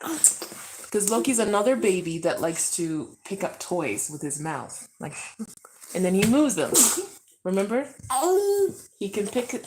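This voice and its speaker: A woman's voice: fairly high pitch, heavy background noise. A young woman vlogging casually at home with her family, chatting animatedly to her kids and viewers. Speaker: parent vlogger. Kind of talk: casual family vlog chat.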